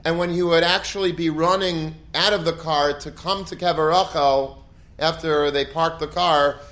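A man's voice: fairly high pitch, steady tone, moderate pace, a bit bright. A man giving an earnest, emotive Torah talk in a storytelling manner, often restarting phrases and using Hebrew and Yiddish terms. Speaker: Torah teacher.

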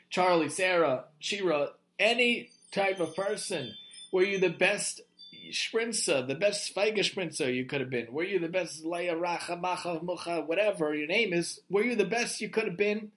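A man's voice: a little high, a bit bright. A man giving a religious talk, emphatic and piling up rhetorical questions. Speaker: Torah teacher.

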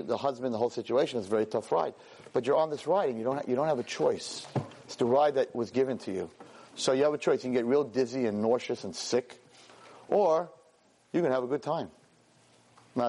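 Animated rabbi telling stories. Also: male voice, medium pitch. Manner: animated, self-mocking, mixes Hebrew and Yiddish words. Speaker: rabbi and teacher. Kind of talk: Torah class storytelling.

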